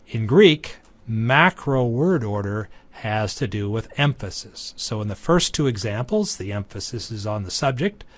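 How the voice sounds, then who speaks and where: A man giving a recorded lecture, teaching in a measured, deliberate way. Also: on the low side, very animated.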